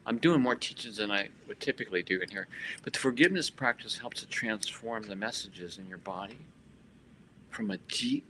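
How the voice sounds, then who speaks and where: A man with a bright, clear voice guides a meditation and chants mantras. He then explains the practice with many restarts and repeated words. A faint hum of noise sits behind him. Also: lowish voice, normal speed, rough recording. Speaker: spiritual teacher. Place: hotel expo hall.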